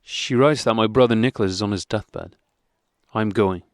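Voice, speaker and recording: A troubled husband, stern and barely keeping cool, as an audiobook reader puts him on. The low voice stays close to the reader's own, with only a slight lift. It is recorded dry and close. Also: male voice, moderate pace, no room sound, lightly acted. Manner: stern, restrained. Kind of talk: audiobook character reading.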